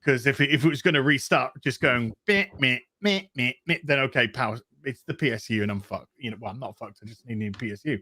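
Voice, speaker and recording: A man's voice: mid-range voice, fast, few pauses, breathy edge, dry recording. A man telling a rambling story on a casual livestream, out of breath after heavy lifting. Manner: rambling, animated storytelling with many restarts. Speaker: co-host.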